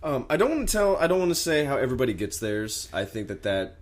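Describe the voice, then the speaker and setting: A man's voice: mid-range voice, big pitch swings, quick pace. A young man co-hosting a podcast, chatting casually about a film, rambling and trailing off with casual swearing. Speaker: podcast co-host.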